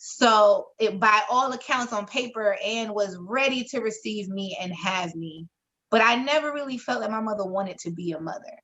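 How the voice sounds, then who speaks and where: Frank, expressive woman telling a story. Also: mid-range voice, normal speed, highs cut off. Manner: frank, expressive, swears freely, acts out quoted voices. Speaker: podcast co-host. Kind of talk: candid conversational storytelling.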